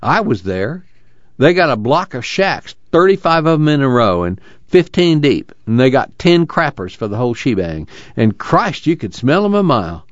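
A man's voice: medium pitch, very animated, moderate pace, no room sound, voice pushed up, close to an everyday voice. A man voicing a stout, indignant camp worker telling tales in a cussing rural drawl. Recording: dull lo-fi dry recording.

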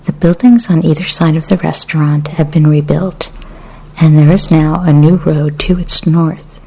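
A woman reading poetry and memoir aloud in a soft, often half-whispered, measured way. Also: low-pitched, slightly rough. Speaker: literary reader.

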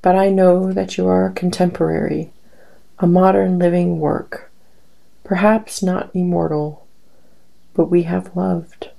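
A woman recites poetry in a low, gravelly voice, taking her time over every line. Her tone is dark and mellow, and she leaves long pauses as she reads. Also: flat delivery, poor audio. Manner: slow, measured recitation with pauses. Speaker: poetry reader. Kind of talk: reading poems aloud.

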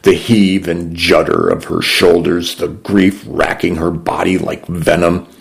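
A man narrating a story in the first person, in a measured, unhurried and somber way. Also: low-pitched, flat delivery, vocal fry.

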